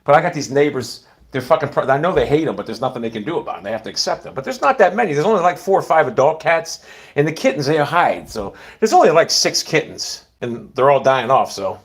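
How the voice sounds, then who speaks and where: A middle-aged man talking in a casual, rambling monologue, blunt and full of swearing, often sinking to a low mutter. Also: expressive, quick pace. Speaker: vlogger.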